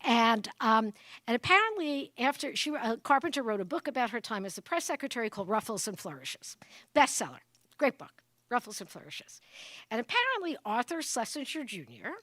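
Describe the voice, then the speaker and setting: A woman with a fairly high voice delivers a funny speech, spinning comic stories and checking in with her listeners. She keeps tossing questions at the crowd and slips into exaggerated voices for the people she quotes. The sound is close and dry. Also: very animated, brisk, fairly bright tone, dry recording. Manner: comic storyteller, checks in with the audience. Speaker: guest speaker at an exhibit opening. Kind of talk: humorous public address.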